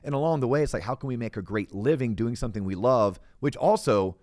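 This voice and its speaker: A male podcast host from Central Florida talks in a relaxed, encouraging way, with a mid-range voice. He chats casually with a guest and fills in with lots of agreeing remarks. The sound is dry and close to the mic. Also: medium pitch, fast, no room sound. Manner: relaxed, encouraging, many "yeah" backchannels. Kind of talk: casual interview chat.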